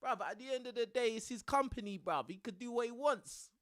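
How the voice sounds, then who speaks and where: Young man, live streamer, lively up-and-down voice, dry close sound, casual slangy chat. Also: very high voice, a little fast, dry recording. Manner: chatty, calls the chat bruv and bro.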